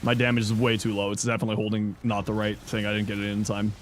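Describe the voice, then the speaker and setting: A man's voice: lowish voice, completely flat delivery, quick pace, noisy background. A man in his thirties casually chatting on a game stream, answering chat with loose jokes and mild swearing. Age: 30s.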